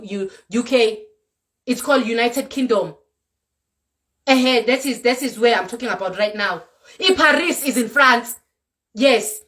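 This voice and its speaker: A woman's voice: sits high, fairly bright tone. A South African woman with a Zulu accent, a vlogger giving a fiery, scolding rant to camera, repeating herself for emphasis. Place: Europe.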